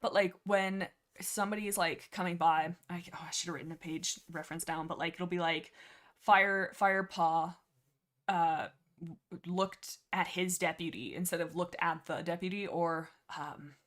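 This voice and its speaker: A woman hosts a casual livestream and rambles along, reading chat comments aloud. Her voice sits a little low for a woman, and her talk is full of fillers and restarted sentences. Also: fairly even intonation, moderate pace. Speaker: livestream host. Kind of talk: casual rambling book discussion.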